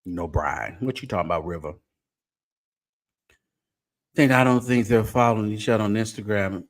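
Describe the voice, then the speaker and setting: A man hosting a late-night livestream of gossip commentary, chatty and teasing, talking straight to his viewers with drawn-out exclamations. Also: fairly low pitch. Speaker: show host.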